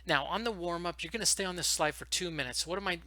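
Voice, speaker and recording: A man teaching how to run an online English lesson, talking fast and emphatically and acting out classroom phrases. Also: sits high, pushed and bright, dry recording, low-quality recording. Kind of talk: instructional talk to camera.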